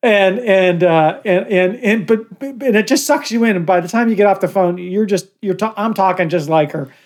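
An older man co-hosting a podcast with his son, telling stories in a joking, animated way. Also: high voice, normal speed. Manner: joking, animated, laughs often. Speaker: podcast co-host. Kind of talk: casual podcast chat.

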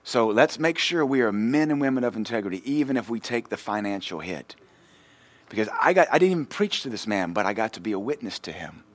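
A male pastor, preaching a sermon and telling a personal story in a lively way, swinging between loud and quiet. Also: on the low side, a little fast.

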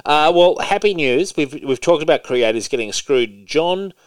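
A man's voice: on the high side, animated, normal speed, clear, resonant tone, no room sound. A man co-hosting a podcast, chatting casually, asking his guest questions and reading out news items. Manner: conversational, asks questions and reads out news items. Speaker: podcast co-host. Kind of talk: casual chat.

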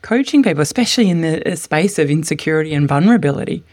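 A man's voice: on the high side, expressive, quick pace, darkish tone, dry recording, clean studio sound. A male podcast host asking enthusiastic, rambling questions full of fillers. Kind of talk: interview questions.

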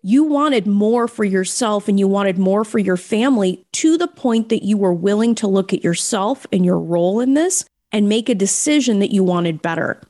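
A woman's voice: mid-range voice, expressive, normal speed, hardly any pauses, mellow, dry recording. American woman host, nasal and emphatic, effusive interviewer, dry close sound. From United States. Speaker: podcast host. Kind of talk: podcast interview.

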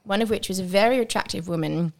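A woman's voice: mid-range voice, fast talker. A woman guest who runs events, telling giggly stories in a casual podcast chat.

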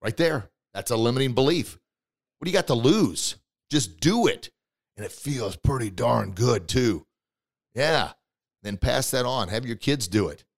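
A man hosting a motivational podcast, coaching listeners directly with excitement and bursts of emphatic shouting. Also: lowish voice, vocal fry. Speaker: podcast host.

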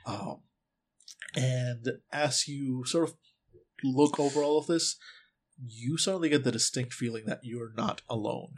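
A man's voice: medium pitch, a little slow. A man running a tabletop role-playing game, narrating scenes in a casual, descriptive way with frequent fillers. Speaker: game master.

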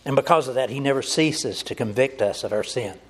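A man's voice: mid-range voice, fairly quick, husky. A man preaching a sermon, earnest and direct, addressing his listeners as folks.

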